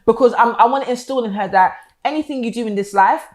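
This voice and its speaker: Brief: quick, high-ish young mum, lively storyteller, casual podcast chat. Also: female voice. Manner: animated storytelling, acts out her daughter's lines. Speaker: podcast co-host, mother.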